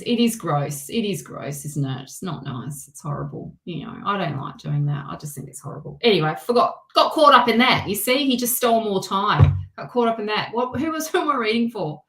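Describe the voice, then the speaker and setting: A woman chats candidly as she gives a tarot reading, speaking at an ordinary middle pitch. She swears freely and laughs often. Her voice rings in a noticeably echoey room. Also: very animated, normal speed, few pauses, fairly bright tone. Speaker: tarot reader. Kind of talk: casual livestream tarot reading.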